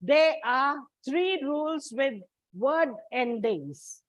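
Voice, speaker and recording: Her voice sits high and sounds animated, with no echo on this dull, dry lo-fi recording. In a classroom lecture on English stress rules, she explains each step slowly and deliberately, addressing her students as children.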